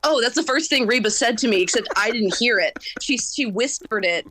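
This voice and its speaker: A woman in her thirties, a singer-songwriter guest, talking fast and intensely in a casual interview. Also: fairly high pitch, no room sound. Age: 30s. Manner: fast, intense, animated talker.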